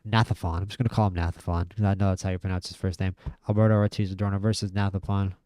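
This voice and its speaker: Excitable low-voiced man doing game commentary. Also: very fast, dry recording, studio quality. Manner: excitable, talks to himself while playing. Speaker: gaming video host.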